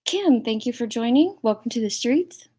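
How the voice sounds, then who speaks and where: A woman's voice: a little high, lively intonation, normal speed, mellow, husky. Indignant middle-aged woman livestreamer. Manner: indignant, reads out and thanks chat members. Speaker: commentary channel host. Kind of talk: livestream reaction commentary.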